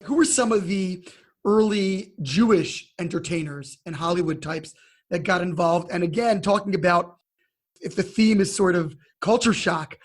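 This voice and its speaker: Man, podcast host, high voice, curious questions. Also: moderate pace. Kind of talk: interviewing.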